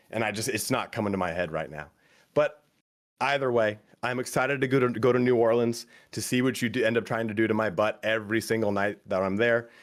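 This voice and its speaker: A man giving an improvised, crude, teasing roast of a friend over a stream, rambling with many fillers. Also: medium pitch. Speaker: roast speaker.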